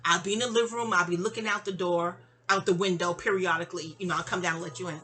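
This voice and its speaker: A woman, telling a personal story in an animated, digressive, sassy way. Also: on the low side, fast talker. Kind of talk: casual storytime monologue.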